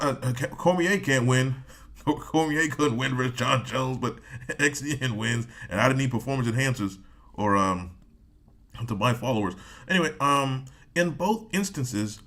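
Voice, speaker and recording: A man's voice: medium pitch, fairly bright tone. A man hosting a reaction video, reading a sports article aloud with rambling, joking asides and frequent laughs.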